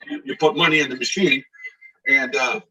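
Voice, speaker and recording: In a relaxed interview, this Scranton, Pennsylvania native, a middle-aged former actor, spins lively tales and performs other people's shouted quotes himself. He talks a little fast in a husky mid-range voice that sits slightly distant from the microphone.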